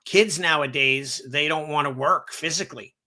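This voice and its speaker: A middle-aged man, a martial arts instructor, telling a long anecdote in a casual, animated way on a podcast. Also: on the high side, moderate pace. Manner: animated storyteller who acts out quoted voices. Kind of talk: casual storytelling. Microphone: seen on video, holds up books to camera.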